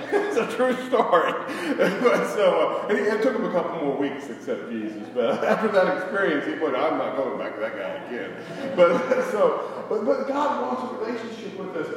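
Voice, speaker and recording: A middle-aged male pastor delivers a folksy, joking sermon, his voice sitting a touch high for a man. He sounds set back from the microphone, and a long, echoing hall reverb trails each phrase. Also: lively intonation, moderate pace, few pauses, a crowd in the background. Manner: folksy storytelling, jokes with congregation. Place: church sanctuary. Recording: echoey hall, from far off.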